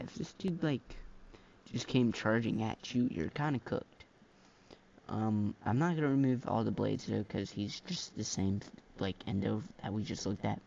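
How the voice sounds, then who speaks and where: A man's voice: medium pitch, creaky, darkish tone, a little hiss or hum. A man giving casual gameplay commentary as a mod reviewer, rambling with many fillers and slang, recorded on a dull lo-fi mic.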